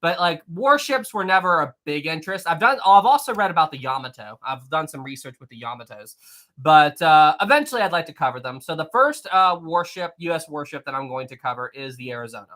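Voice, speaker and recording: Man, Southern US accent, livestream host, jokey and chatty, lively bright voice. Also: on the high side. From West Virginia. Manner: jokey, chatty, quick to laugh. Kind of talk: casual live-stream chat reading viewer comments.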